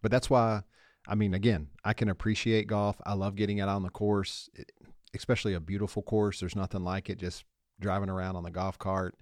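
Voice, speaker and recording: A man with a somewhat low voice co-hosts a casual podcast, telling a story with bursts of laughter and quick impressions of the people in it. The sound is dry and close, with no room around it. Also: no echo. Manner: animated storyteller, acts out voices, laughs often. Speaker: podcast co-host.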